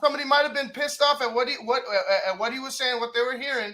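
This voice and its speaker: High, animated male sports talker. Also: fast talker, a little hiss or hum, low-quality recording. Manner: animated, stumbles and repeats, retells with "I was like". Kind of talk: sports talk radio.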